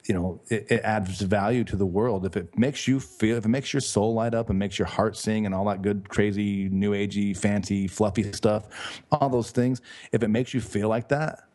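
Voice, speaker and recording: A man with a low voice talks on a casual podcast, rambling and enthusiastic and often stopping to fix his own words. His tone is dark and mellow. He sounds like a guest author and life coach who is happy to talk at length. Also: steady tone, moderate pace. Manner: rambling, enthusiastic, self-correcting.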